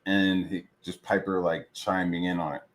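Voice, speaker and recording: Low-voiced man ranting and swearing. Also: flat delivery, normal speed. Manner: heated, swears constantly, full of fillers; mocks others in raised voices. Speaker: streamer. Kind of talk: profane rant.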